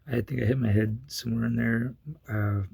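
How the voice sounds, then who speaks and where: A man speaking in a rough, gravelly voice with heavy fry, the tone deeply husky and worn. He recounts a personal story in a loose, rambling vlog manner, full of fillers and restarts. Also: fairly even intonation, fairly quick, darkish tone, no echo. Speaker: vlogger. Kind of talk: casual storytelling.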